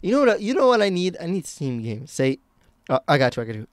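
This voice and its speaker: A man's voice: a little high, very animated, fast talker, dry recording. A young man from the United States chatting casually while live-streaming games, rambling and self-mocking. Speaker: game streamer.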